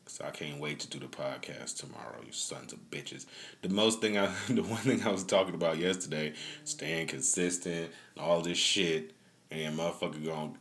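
A man with a very low voice hosts his own podcast from home, talking into a phone on a stand. He rambles casually, swears a lot and vents. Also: normal speed, fairly bright tone, slight background noise. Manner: profane, rambling, venting with laughs. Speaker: podcast host. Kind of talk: casual streamed podcast talk.

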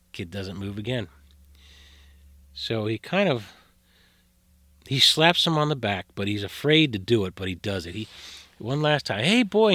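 Rambling low-voiced man telling stories. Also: sharp tone, no echo. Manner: rambling, full of fillers and restarts. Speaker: guest storyteller. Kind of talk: casual spoken storytelling.

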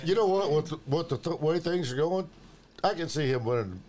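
Wisecracking man, slightly high voice. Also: lively intonation, fairly quick, a little mellow. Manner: wisecracking, stammers on starts. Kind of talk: casual comedy banter.

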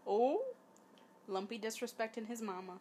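Woman, casual watch-along co-host; wry, critical, higher-pitched. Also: fairly even intonation, normal speed, warm tone, slight background noise.

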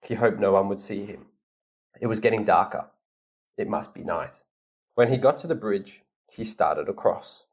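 A man's voice: on the low side, moderate pace, gravelly. A man tutoring a learner one-on-one, reading a storybook aloud, explaining words and acting out quotes with playful mock grumbling.

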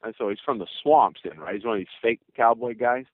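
Over a thin, dry cell-phone line, the older ex-baseball player speaks fast in a mid-range voice, the audio narrow and tinny with no room sound. He rambles through his stories for the casual interview, laughing and joking along the way.

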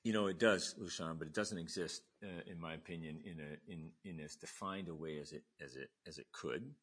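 An older man, a retired admiral, talking in a low, husky voice with a bright, forceful edge. He tells his story as an interview guest and acts out each person he quotes, pushing his pitch up high for them. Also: fairly quick. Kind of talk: storytelling in conversation.

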